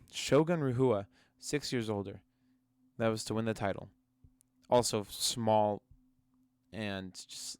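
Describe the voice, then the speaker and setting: A man's voice: mid-range voice, clean tone, dry recording. A man giving casual, sarcastic reaction commentary on MMA fighters and ranting with many restarts.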